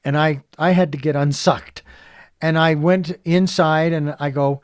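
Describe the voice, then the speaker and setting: A man hosting an interview, retelling a personal story in an animated, reflective way with many fillers. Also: a little high, a little slow, dry recording, studio quality. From California. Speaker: podcast host.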